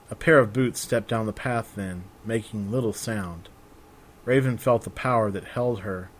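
Man narrating a story in a measured voice. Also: lowish voice, slight background noise. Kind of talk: scripted narration.

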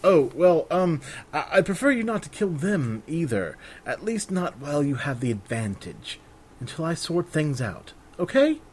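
A man's voice: a little high, sing-song, moderate pace, a little hiss or hum, voice pushed up. A man voicing a courtly male bard in a storybook reading, with a polite, formal, mildly amused way of speaking. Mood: courteous.

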